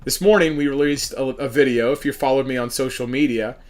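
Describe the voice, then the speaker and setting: A man's voice: medium pitch, steady tone, a little fast. A man from Oklahoma, a political candidate hosting his own show, giving an emphatic campaign monologue that hammers the same points over and over.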